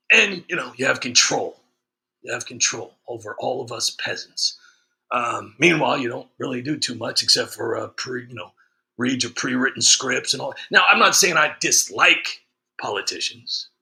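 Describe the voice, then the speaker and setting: A man's voice: medium pitch, creaky, pushed and bright. A man hosting a stream, talking in a casual, sarcastic rant with lots of fillers and jokes. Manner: sarcastic, joking, frequent fillers. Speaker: streamer host. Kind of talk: casual ranting monologue.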